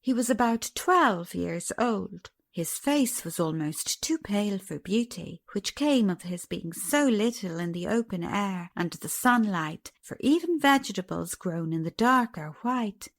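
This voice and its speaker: A woman narrating a classic fairy tale audiobook with an expressive, lively reading. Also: medium pitch, unhurried, few pauses, no echo, clean studio sound.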